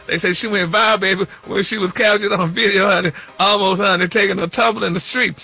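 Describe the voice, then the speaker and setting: A man's voice: high voice, steady tone, fast talker, creaky, sharp tone, breathy edge, faint music behind. A man hosting a celebrity gossip segment on the radio, sassy and full of "honey" and "y'all". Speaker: celebrity news host.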